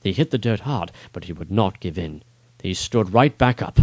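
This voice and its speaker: A man reading his own first-person adventure story aloud in a dramatic, expressive way. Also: low voice, normal speed, no echo. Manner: expressive, rising on action beats.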